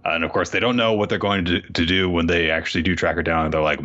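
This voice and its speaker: Man, very low voice, bright forceful tone, casual podcast chat, muffled lo-fi mic. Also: steady tone, fast talker, few pauses. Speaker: podcast co-host. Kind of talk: casual chat recapping a comic. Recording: dull lo-fi mic.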